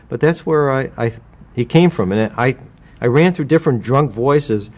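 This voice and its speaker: A man's voice: mid-range voice, normal speed. Guy chatting about his voices, laid back, lots of uhs. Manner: relaxed storytelling, filler-heavy. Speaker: voice actor. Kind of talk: casual interview.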